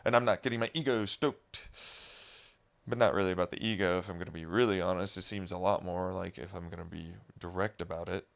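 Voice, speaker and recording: A man's voice: low-pitched, steady tone, a little fast, creaky, a bit bright. A man vlogging a rambling, profane, exasperated commentary rant.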